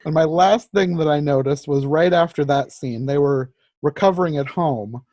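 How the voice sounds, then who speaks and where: A man's voice: on the high side, moderate pace, dark tone, no room sound. A man hosting a movie podcast in easygoing chat, asking his guests questions. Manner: easygoing, asks questions, short laughs. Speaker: podcast host. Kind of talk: casual chat.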